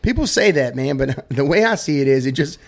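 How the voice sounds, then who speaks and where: A man's voice: mid-range voice, animated, fairly quick, gravelly. A man with a Louisiana accent, a podcast guest in casual chat who rambles, jokes and laughs a lot, a bit stuffy from allergies. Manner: rambling, joking, laughs often.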